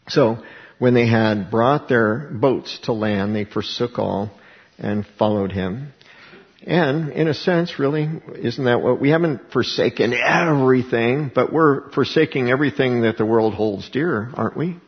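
A man's voice: medium pitch, a little slow, lo-fi sound. A man preaching a sermon as pastor, reading scripture and asking rhetorical questions.

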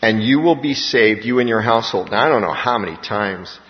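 A male pastor preaching a sermon in an animated way, acting out the voices he quotes. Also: lowish voice, fairly quick. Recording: dull reverberant hall recording.

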